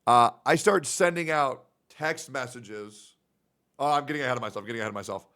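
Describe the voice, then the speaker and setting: Male streamer, mid pitch, gravelly, storyteller who acts out the dialogue. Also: brisk, bright, forceful tone. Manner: rambling anecdote, acting out quoted dialogue. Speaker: streamer telling a personal story. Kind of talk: storytelling on a livestream.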